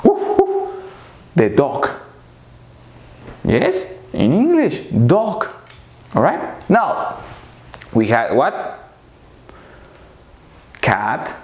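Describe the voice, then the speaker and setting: Slow, playful man teaching animal words. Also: on the high side, huge pitch swings, a little mellow, roomy sound. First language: Spanish. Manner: slow, repetitive, makes playful animal noises. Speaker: English teacher. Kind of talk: children's vocabulary lesson.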